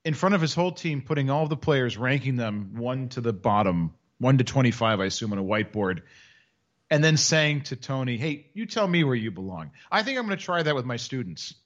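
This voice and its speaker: A man's voice: medium pitch, animated, brisk, lo-fi sound. A man co-hosting a casual sports podcast, joking and rambling, also reading a sponsor ad. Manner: joking, rambling, self-mocking. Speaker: podcast co-host and teacher.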